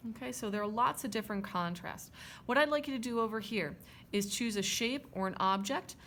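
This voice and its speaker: Gravelly-voiced woman art teacher. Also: fairly high pitch, a little fast, a bit bright, a little hiss or hum. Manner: chatty, checks in with "okay?" and "right?". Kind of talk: drawing demonstration lesson.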